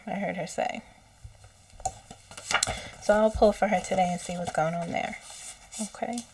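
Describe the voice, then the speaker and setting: Slow, gravelly-voiced woman psychic. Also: mid-range voice, steady tone, distant mic. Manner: slow, hesitant, self-correcting, with soft laughs and whispered asides. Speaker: psychic channeler. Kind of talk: casual monologue relaying channeled messages.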